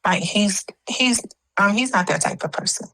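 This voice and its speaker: Woman, interview guest, bright voice, hesitant, lots of fillers. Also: medium pitch, normal speed, rough recording. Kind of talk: casual chat.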